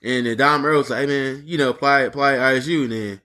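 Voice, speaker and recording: Bright-voiced man telling animated stories. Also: mid-range voice, fast talker. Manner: animated, acts out quoted people, profane. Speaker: podcast co-host. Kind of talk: casual storytelling chat.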